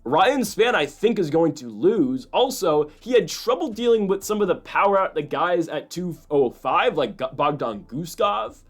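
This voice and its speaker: A man's voice: a little high, sing-song, faint music behind. A young man casually hosting fight predictions, rambling with lots of fillers and side jokes. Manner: rambling, fast, full of fillers and asides. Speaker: host making fight predictions. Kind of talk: casual commentary.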